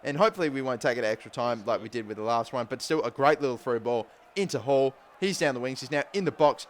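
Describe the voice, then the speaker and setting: A young man giving casual, rambling let's-play commentary on a football video game, getting excited during the action. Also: mid-range voice, quick pace, a little hiss or hum. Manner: rambling, repeats "but still" and "to be completely honest"; gets excited calling match action. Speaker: gaming YouTuber.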